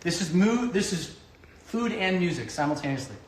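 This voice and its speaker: A man's voice: high voice, big pitch swings, moderate pace, reverberant, slight background noise. A man hosting a casual home cooking stream, talking loosely and correcting himself as he goes. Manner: loose, rambling, self-correcting. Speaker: home cooking show host and singer. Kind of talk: casual chat while cooking.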